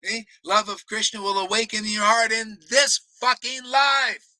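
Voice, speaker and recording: This preacher's high-pitched voice is pushed and bright yet flat in delivery, at a moderate pace, captured in a dry, low-quality recording. His sermon is a combative rant, punctuated with swearing and laughter.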